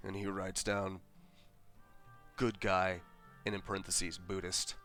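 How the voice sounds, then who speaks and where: A man's voice: low voice, level tone, slow, pauses often, a bit bright, soft background music. A man narrating as game master in casual, profane chat, laughing often.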